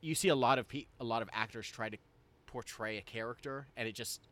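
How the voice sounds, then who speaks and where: A man in a loose podcast conversation, mid-pitched and easygoing. He rambles through his points with plenty of "you know" and "like", tossing in jokes along the way. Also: a little fast, fairly bright tone. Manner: rambling, jokey, with many fillers. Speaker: podcast co-host. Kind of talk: casual chat.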